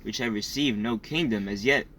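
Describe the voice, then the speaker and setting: A man reading Bible verses aloud in a measured, formal way, first announcing book, chapter and verse. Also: lowish voice, fairly bright tone, a little hiss or hum, rough recording. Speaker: scripture reader.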